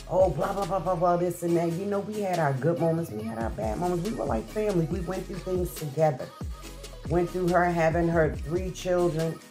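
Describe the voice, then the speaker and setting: Low-voiced woman telling a heartfelt story. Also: warm tone. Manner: chatty and heartfelt, many fillers and restarts. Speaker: vlogger. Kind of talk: casual storytelling to camera.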